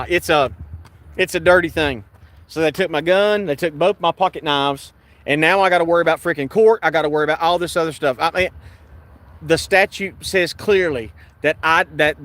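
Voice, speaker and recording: Agitated man with a high, bright voice. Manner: agitated, repetitive, restarts and acts out exchanges. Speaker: video creator recounting an arrest. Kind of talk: angry first-person account. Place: in a vehicle.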